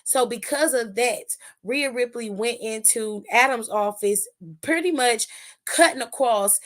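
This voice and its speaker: A woman's voice: fairly high pitch, unhurried. A woman hosting a wrestling recap show, telling it in a blunt, sassy and profane casual chat, often acting out what people said. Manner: animated, acts out the wrestlers' lines.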